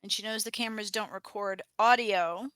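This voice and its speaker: A woman's voice: mid-range voice, fairly even intonation, brisk, fairly bright tone, clear, resonant tone, no room sound. A woman playing a tabletop game, speaking in character and describing her character's actions in the third person. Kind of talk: in-character roleplay and narration.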